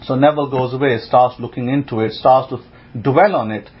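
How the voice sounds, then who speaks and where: A male rabbi telling a story in a sermon, acting out the quoted lines with animated delivery. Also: mid-range voice, brisk, breathy edge. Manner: animated retelling with voiced quotes, laughs now and then. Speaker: rabbi teaching a congregation. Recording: dull lo-fi sound with faint noise.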